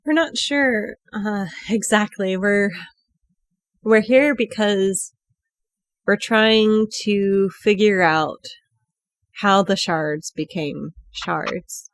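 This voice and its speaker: Slow, earnest woman role-playing. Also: mid-range voice, no room sound, studio quality. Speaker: player. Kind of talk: in-character tabletop role-play.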